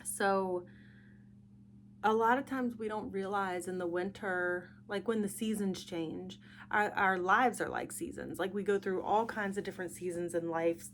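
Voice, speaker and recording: A woman's voice: medium pitch, a little slow, a little hiss or hum. A young woman hosting a casual solo podcast, tired and yawning, chatty and reflective. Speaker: podcast host.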